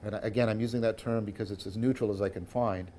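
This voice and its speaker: A man giving a philosophy lecture, thinking aloud, correcting himself often and tagging points with "right?", his loudness swinging between emphatic and hushed. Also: on the low side, fairly even intonation, fast talker, slight background noise.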